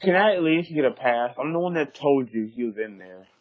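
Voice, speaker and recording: A man taking part in a tabletop game argues his side in a flat, deadpan manner. The sound is dry and close. The audio has a dull, lo-fi edge. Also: medium pitch, fairly quick, no echo. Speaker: player.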